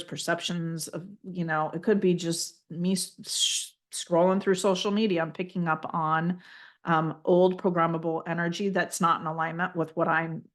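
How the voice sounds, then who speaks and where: Woman healer guiding a session, gentle and reassuring, slightly low voice. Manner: gentle, reassuring, often checks in with "okay?"; calls listener "honey". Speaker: spiritual energy healer. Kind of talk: guided healing session.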